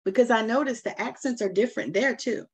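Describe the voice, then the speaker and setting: A woman's voice: on the high side, fairly quick, a little mellow, slightly rough. A woman from Savannah with a Southern American accent, hosting an interview, effusive and laughing often. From Savannah, Georgia, US. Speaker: host. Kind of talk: casual interview chat.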